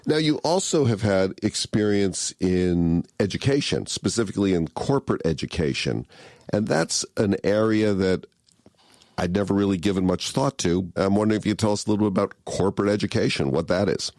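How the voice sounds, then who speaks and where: A male podcast host asking measured, curious questions in an interview. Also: fairly low pitch, lively intonation, a little mellow, no echo, clean studio sound.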